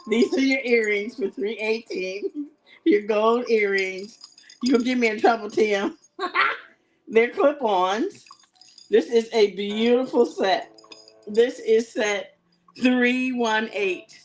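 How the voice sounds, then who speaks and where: Slow, giggly woman hosting a jewelry sale. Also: fairly high pitch, a little hiss or hum. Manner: chatty and giggly, addresses viewers as y'all. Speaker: live shopping show host selling jewelry. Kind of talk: casual live-stream sales chat.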